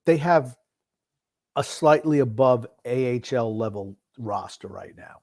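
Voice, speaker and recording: A man's voice: medium pitch, expressive, a little slow, a little mellow, no echo, studio quality. An older man co-hosting a podcast, chatting casually about hockey in a blunt, grumbling way. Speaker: podcast co-host. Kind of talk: casual sports chat.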